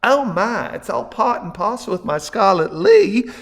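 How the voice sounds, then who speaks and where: A man reading a story, voicing a sugary Deep South belle with a put-on US Deep South drawl. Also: lively intonation, a little slow, big-room sound. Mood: sweet. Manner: drawling, syrupy and coy.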